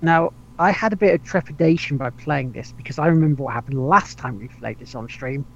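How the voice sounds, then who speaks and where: Guy rambling on a gaming podcast, laughs a lot, swears, slightly high voice, dull lo-fi sound. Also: brisk, gravelly, a bit bright, slight background noise. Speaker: podcast host. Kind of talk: casual gaming chat. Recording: dull lo-fi audio.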